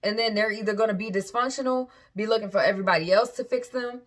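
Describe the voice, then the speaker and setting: A woman talks straight to her viewers as a parent and vlogger. Her voice sits at an ordinary middle pitch, and she speaks candidly and frankly. She keeps stopping to backtrack and start over. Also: quick pace. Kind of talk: casual talk to camera.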